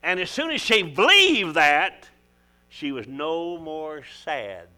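Folksy older preacher, high and bright. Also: male voice, big pitch swings, slow pace. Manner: folksy, preacherly, calls out to the congregation. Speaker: pastor. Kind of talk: sermon. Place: church.

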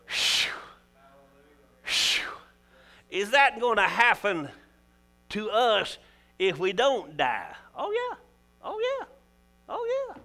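Folksy older preacher, high and bright. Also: male voice. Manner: folksy, preacherly, calls out to the congregation. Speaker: pastor. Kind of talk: sermon. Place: church.

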